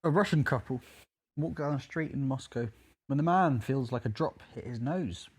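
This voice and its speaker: A man's voice: mid-range voice, moderate pace, husky. A man co-hosting a podcast, telling long jokes as a story and putting on voices for the characters. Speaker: podcast co-host.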